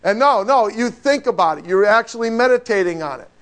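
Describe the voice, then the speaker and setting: A pastor preaches a sermon in a high, slightly fast voice, his delivery animated and conversational and peppered with rhetorical questions.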